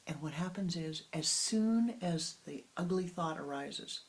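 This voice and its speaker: Soft-spoken whispering spiritual teacher. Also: mid-range voice. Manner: slow, soft, often dropping into whispers; unhurried with long pauses, halting restarts. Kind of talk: meditative sermon.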